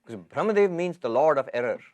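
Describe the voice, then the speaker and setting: A man, a monk giving a spiritual lecture, chanting Sanskrit verses slowly and then explaining them with lively asides. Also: a little high, dry recording.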